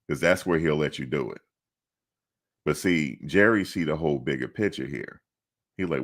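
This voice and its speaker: A man hosting casual sports talk, rambling and animated, often quoting others in his own voice. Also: extremely low pitch, normal speed. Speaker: sports commentary host.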